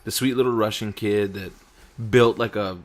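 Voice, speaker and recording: Male podcast host, lowish voice, profane and rambling, casual chat. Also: fairly even intonation, normal speed. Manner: profane, rambling, reads news aloud with asides.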